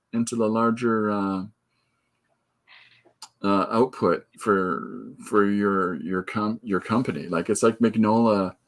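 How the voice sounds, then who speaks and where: A man hosting a podcast in casual chat, halting, with many fillers. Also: on the low side. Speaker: podcast host.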